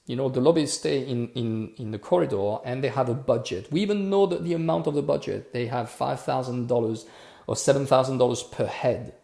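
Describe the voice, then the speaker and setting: A man's voice: mid-range voice, a little fast, creaky, warm tone, roomy sound. A man from France, hosting a casual live Q&A and answering viewer comments in an earnest, repetitive way full of restarts. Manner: earnest, repetitive restarts, says "okay" and "bro" often.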